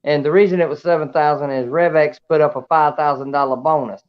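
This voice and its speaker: A man's voice: a little high, fairly even intonation, quick pace. A man, a race-winning guest, talking casually and plainly over a video call. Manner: folksy, plain-spoken. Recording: dull, muffled call audio.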